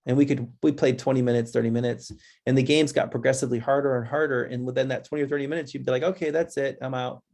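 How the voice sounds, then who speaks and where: Flat, creaky and darkish, a man's voice leads a webinar in a conversational yet restless way. He speaks to listeners directly as guys and switches pitch quickly to imitate kids.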